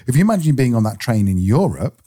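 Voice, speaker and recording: A man's voice: medium pitch, big pitch swings, quick pace, mellow. A man from England co-hosting a podcast, chatting casually and thinking aloud as he goes. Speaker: podcast co-host. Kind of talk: casual chat.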